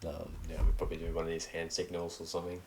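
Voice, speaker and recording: A man's voice: deep voice, completely flat delivery, racing, vocal fry, a little mellow, slight background noise. A young Australian man hosting a casual solo podcast, rambling in a laid-back way with lots of ums. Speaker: podcast host.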